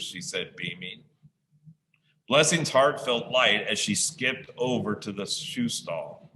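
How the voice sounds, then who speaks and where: A male teacher reading a story aloud to an online class, pausing often to ask the listeners questions. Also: medium pitch, lively intonation, bright, forceful tone, a little hiss or hum. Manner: slow, pausing to quiz listeners. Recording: echoey room sound.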